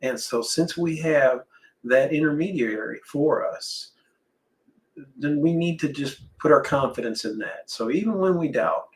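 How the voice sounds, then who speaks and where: A man's voice: on the high side, lively intonation, a little slow, poor audio. A man in his sixties in a casual faith talk, speaking earnestly with hesitant restarts. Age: 60s.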